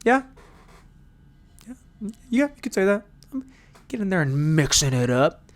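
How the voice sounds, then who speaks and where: Brief: male solo podcast host, crude rant with a lively, swooping delivery. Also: high voice, a little slow. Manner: crude, animated, ranting.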